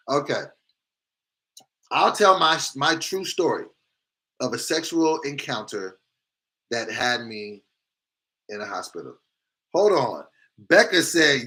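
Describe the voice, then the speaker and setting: A man hosting a casual live stream, reading viewer comments aloud with big reactions, swinging between loud exclamations and quiet asides. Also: mid-range voice, expressive, unhurried, long pauses. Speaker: livestream host reading chat comments.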